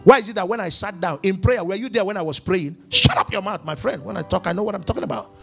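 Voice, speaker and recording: A man's voice: high-pitched, fast, vocal fry, a bit bright, soft background music. A man preaching a sermon in church, firing questions at the congregation and acting out little dialogues. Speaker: pastor.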